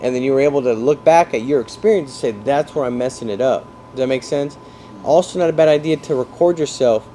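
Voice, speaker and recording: A man coaching salespeople in an energetic talk, explaining through football comparisons and often checking that his listeners follow. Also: medium pitch, fast, a little hiss or hum. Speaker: sales trainer.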